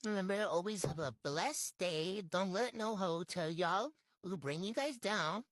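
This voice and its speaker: A woman's voice: fairly low pitch, expressive, a little slow, dry recording. A young woman from tells a get-ready-with-me storytime into her phone, blunt, slangy and swearing freely. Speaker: storytime vlogger.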